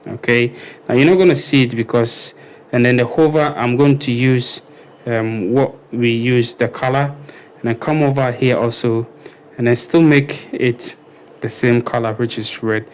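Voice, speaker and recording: Guy doing a chill web design walkthrough, lots of ums and okays, mid pitch, bit of faint hiss. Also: fairly even intonation. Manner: unhurried, many ums and okays, thinking aloud. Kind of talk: casual screen-recorded tutorial walkthrough.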